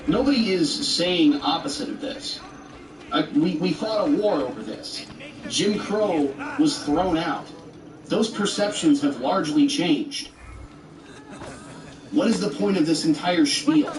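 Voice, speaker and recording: Guy ranting sarcastic rebuttals, kinda high voice, echoey and far off. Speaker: commentator rebutting a video. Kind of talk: argumentative commentary. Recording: roomy, distant with faint noise.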